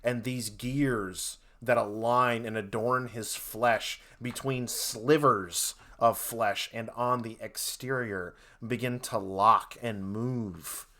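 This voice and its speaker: A man's voice: mid-range voice, fairly even intonation, slow, hardly any pauses, sharp tone. A man narrating a tabletop game as game master, rambling with many fillers.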